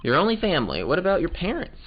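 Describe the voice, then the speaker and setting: His voice sits high and swoops wildly as he talks at a quick pace, voicing and playing the game in a loose, joking let's play style. Game music plays behind a muffled recording of this casual commentary.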